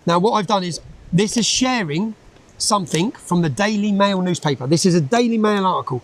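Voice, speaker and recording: A man's voice: high voice, animated, brisk, poor audio. A man, a guest in a conversational interview, talking emphatically and repeating his points with tag questions.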